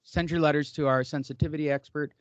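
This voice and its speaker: A man's voice: fairly high pitch, fairly even intonation, quick pace, no echo, dull audio. A middle-aged man hosting a casual podcast, rambling through jokey stories and ribbing his co-hosts. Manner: joking, rambling storyteller. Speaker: podcast host.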